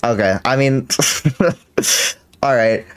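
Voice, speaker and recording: A man's voice: medium pitch, slow, clean tone. A man hosting a live stream, arguing in disbelief, swearing freely and leaning on fillers as he pushes his questions. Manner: incredulous and profane, full of fillers and laughs. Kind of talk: heated live-stream argument.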